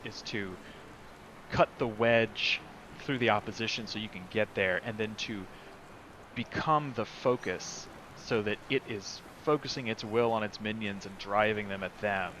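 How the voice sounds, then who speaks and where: A man's voice: fairly low pitch, fairly bright tone, rough recording. A man running a tabletop game as game master, describing scenes in a loose, rambling way with frequent fillers. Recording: noticeable background noise.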